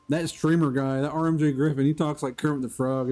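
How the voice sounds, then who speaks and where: A man's voice: fairly high pitch, fairly even intonation, brisk, hardly any pauses, dark tone. A man live-streaming a video game, chatting casually with his viewers and laughing often. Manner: chatty, laughs often, talks to chat by name. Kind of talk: casual live-stream chat while playing.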